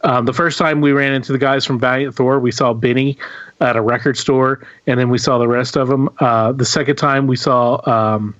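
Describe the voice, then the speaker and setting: A man hosting a casual podcast, recalling band days in a relaxed, meandering way. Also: medium pitch, normal speed, no echo. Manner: relaxed, meandering recollection with fillers. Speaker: podcast host. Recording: dry lo-fi sound.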